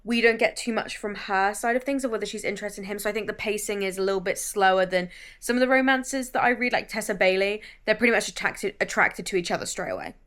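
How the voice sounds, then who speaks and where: A woman's voice: medium pitch, fast talker, a bit bright. A woman vlogging about books in a chatty, enthusiastic way, swearing freely. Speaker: book vlogger. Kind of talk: casual vlog chat.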